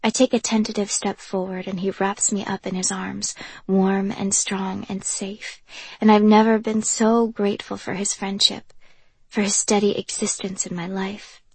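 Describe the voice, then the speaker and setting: A woman narrating a first-person audiobook in a soft, even reading voice. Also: medium pitch, moderate pace, breathy edge.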